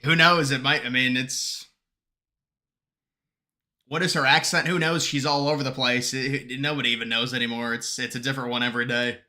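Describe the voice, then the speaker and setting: Bright-voiced man mocking on a live stream. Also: mid-range voice, steady tone, a little fast. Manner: mocking, laughs often, trips over words. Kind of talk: casual live-stream commentary reading chat.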